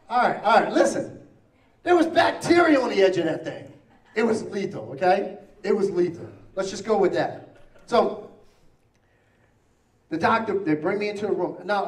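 A man preaching, telling a story in an animated way and acting out the lines of each person in it. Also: high-pitched. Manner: animated, acting out quotes, repeats himself. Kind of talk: sermon storytelling. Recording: roomy church sound from a distant mic.

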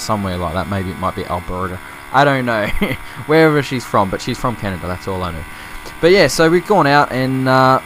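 A man's voice: medium pitch, fairly bright tone, slight background noise. An Australian man chatting casually in a rambling, laughing vlog while riding a motorbike, recorded on a chest-mounted camera. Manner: rambling, laughing, swearing freely. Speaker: motovlogger. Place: outdoors on a motorbike.

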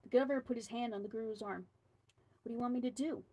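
A woman with a fairly high voice reads a scary tale aloud. She tells it like a storybook and drops in quiet asides of her own. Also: steady tone, quick pace, husky, muffled recording.

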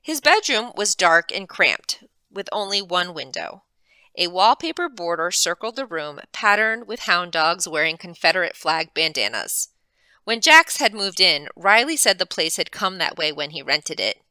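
A librarian reading a chapter aloud with expressive, animated narration, close to the mic. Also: female voice, on the low side, normal speed, clean tone, no room sound. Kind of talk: storybook read-aloud.

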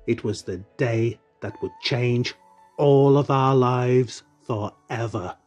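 A man reading an audiobook in the first person, slow and wistful. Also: mid-range voice, a little mellow, highs cut off, faint music behind. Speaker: audiobook narrator. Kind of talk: first-person storybook narration.

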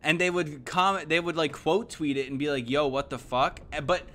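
Young male streamer, higher-leaning voice, loose profane rambling, jumps from mutters to excited yelps. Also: moderate pace. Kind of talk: casual gaming stream chat.

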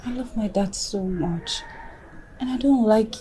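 A woman's voice: medium pitch, measured pace, noisy background, lightly acted. An actress playing a loving young wife with a Nigerian accent, caught between her father and husband, who pleads tenderly. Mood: affectionate. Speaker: wife and daughter. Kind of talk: film drama acting.

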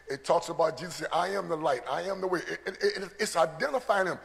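Earnest male church preacher, high and gravelly, in a reverberant sanctuary. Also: quick pace, few pauses, a bit bright. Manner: earnest, repeats words when building a point. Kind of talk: sermon teaching. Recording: long church hall reverb.

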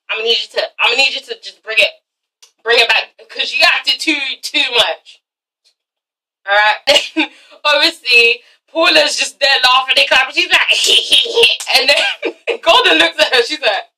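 A sassy woman recapping a reality show in a casual vlog, swearing freely and acting out the cast in quick voices. Her voice sits high and bright. She is a bit far from the mic. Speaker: vlogger reviewing a TV show.

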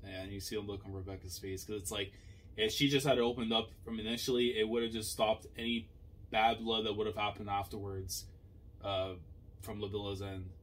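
A man hosting a manga reaction video, reading the characters' lines aloud in a quieter voice and breaking into loud, excited outbursts between them. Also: fairly low pitch, brisk, a little hiss or hum.

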